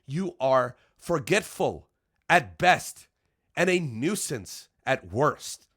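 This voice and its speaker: A man giving heated, profane reaction commentary, dropping to low mutters and then shouting, stammering over his words when worked up. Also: very animated, takes it slowly, slightly rough. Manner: stammering restarts when agitated. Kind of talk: angry ranting commentary.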